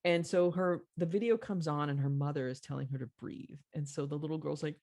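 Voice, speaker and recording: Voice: medium pitch, brisk, hardly any pauses, darkish tone. A podcast host telling a story in an earnest, reflective conversational way, with frequent fillers.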